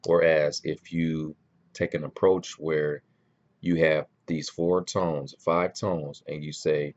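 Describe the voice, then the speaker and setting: A man giving casual spoken advice on learning languages, relaxed and rambling with many ums and restarts. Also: very deep voice, slow, muffled recording.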